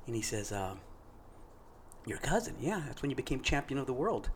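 A man's voice: mid-range voice, normal speed, slight background noise. A middle-aged man co-hosting a podcast, telling a story casually and acting out the voices he quotes. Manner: animated, acts out quoted voices. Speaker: podcast co-host.

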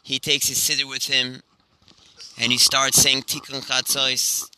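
A rabbi telling an inspirational story in an animated way, with a lot of repetition. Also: male voice, mid-range voice, a little slow, noisy background.

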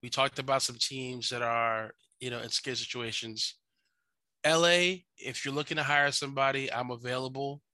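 Male podcast co-host, bright and forceful tone, joking and playful. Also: medium pitch, steady tone, normal speed, dry recording, poor audio. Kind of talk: casual sports chat.

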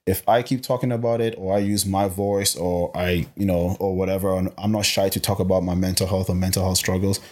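Young man from Botswana, lowish voice, guest in a casual chat, emphatic, animated, restarts his words. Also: fairly quick, hardly any pauses. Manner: emphatic, animated, repeats words while thinking. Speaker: guest, personal trainer.

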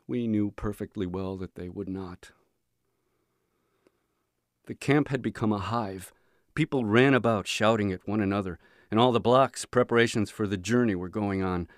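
Man, lowish voice, earnest audiobook reading, dry close mic. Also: no echo. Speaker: teacher reading to students.

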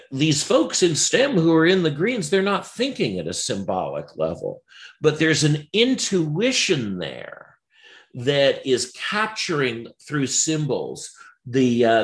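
A man's voice: fairly low pitch, a bit bright. A man giving an unscripted political commentary, wry and digressive, with many ums and uhs.

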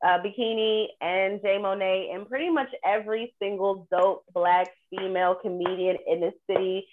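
A woman's voice: mid-range voice, fairly even intonation, normal speed. A woman comedian chatting casually on a podcast, telling stories animatedly and acting out her own quotes. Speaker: stand-up comedian and show producer. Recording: tinny phone-like line.

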